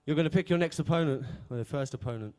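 A man's voice: fairly high pitch, fast talker, darkish tone, smooth. A man emceeing a live beatbox event on stage, chatty and joking as he hypes the crowd. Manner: hyping the crowd, chatty and jokey. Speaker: event host.

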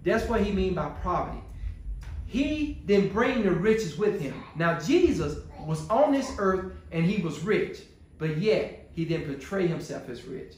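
High-voiced preacher in an echoey church. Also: male voice, big pitch swings, unhurried, darkish tone. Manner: call-and-response preaching, rhetorical questions. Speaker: pastor. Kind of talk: sermon.

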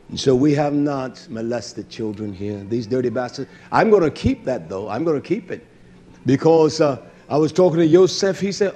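A man preaching a sermon to his congregation, blunt and combative, with slangy talk that drops to low mutters and rises to loud outbursts. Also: normal speed. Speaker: congregation leader.

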